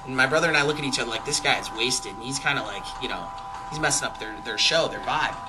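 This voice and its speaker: A young man casually telling a rambling, animated anecdote, full of fillers and acted-out quotes. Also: medium pitch, fast talker, over music, poor audio. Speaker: podcast storyteller.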